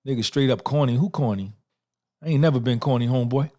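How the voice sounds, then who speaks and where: A man in his fifties speaks quickly in a medium-pitched, dark voice while hosting a livestream podcast. He fields questions from his chat, boasting and cursing in a streetwise style.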